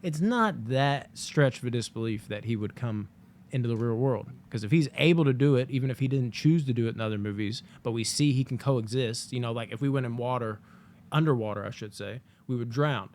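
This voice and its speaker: A man in the middle of a casual podcast movie debate, excitable and swearing freely. His voice sits at an ordinary middle pitch. Now and then he bursts into acting out a villain's lines. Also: brisk. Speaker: podcast co-host.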